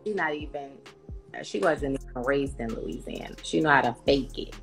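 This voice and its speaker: A woman's voice: very deep voice, normal speed, gravelly, faint music behind. A woman in her thirties with a New Orleans accent, chatting and teasing casually on a phone livestream. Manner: teasing, laughing, lively Southern slang. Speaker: mother on a live video chat.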